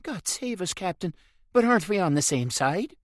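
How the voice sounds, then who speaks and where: A man's voice: high-pitched, sing-song, moderate pace, no echo, studio quality, voice pushed up. A man voicing a frightened young lad who speaks in awed, breathless tones. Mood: pleading.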